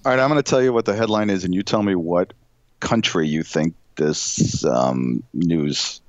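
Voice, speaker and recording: A man's voice: deep voice, moderate pace, no echo, highs cut off. A middle-aged man co-hosting a podcast, reading a news story aloud in a rambling, laughing, casual way. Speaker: podcast co-host.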